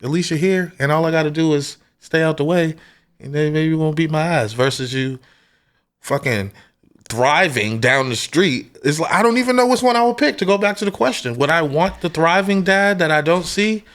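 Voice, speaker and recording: A man's voice: on the high side, normal speed, fairly bright tone. A man co-hosting a podcast, telling loose, profane stories about his family in casual chat. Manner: storytelling, loose and profane, acts out family quotes. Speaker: podcast co-host.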